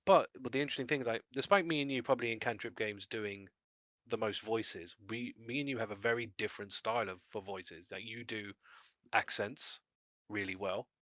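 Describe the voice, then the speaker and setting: A man's voice: on the low side, steady tone, a little fast, sharp tone, no echo. A man co-hosting a casual discussion about game mastering, rambling a little with restarts and small laughs.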